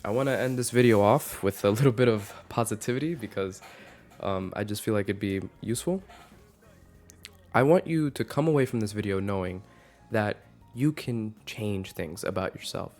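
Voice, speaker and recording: A man's voice: fairly low pitch, moderate pace, a little mellow, soft background music. A man in his twenties ranting casually to camera, rambling with many fillers and restarts. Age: 20s. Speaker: vlogger.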